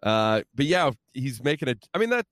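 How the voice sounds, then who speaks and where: A man's voice: medium pitch, very animated, a little fast, fairly bright tone, no room sound, studio quality. Joking man on a sports podcast. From Minnesota. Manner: joking, crude, rambling. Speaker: podcast co-host. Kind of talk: casual sports chat. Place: moving minivan.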